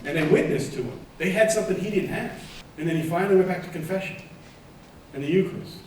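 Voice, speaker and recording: A man giving a lively conference keynote, joking and putting questions to his audience. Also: fairly high pitch, fast talker, far from the mic, a little hiss or hum. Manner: animated, joking, quizzes the audience. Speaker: keynote speaker. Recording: echoey hall, mic set back.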